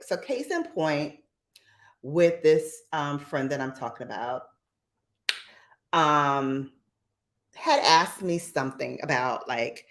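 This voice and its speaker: A middle-aged woman chats on her livestream. Her voice sits fairly low, swings widely in pitch and leaps to squeals, and she takes her time with the words. The manner is sassy and animated. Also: slow, long pauses. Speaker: livestream host. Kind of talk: casual livestream chat.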